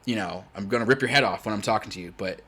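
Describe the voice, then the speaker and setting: A man born in Germany, a native German speaker, hosting a game tournament in casual chat, blunt and loud when excited. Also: fairly low pitch, very fast, husky. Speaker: tournament host.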